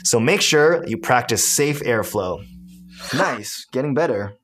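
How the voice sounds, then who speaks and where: A man's voice: mid-range voice, lively intonation, measured pace, heavy background noise. A man casually teaching a beatboxing technique step by step. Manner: explains step by step with demo sounds. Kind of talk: casual tutorial.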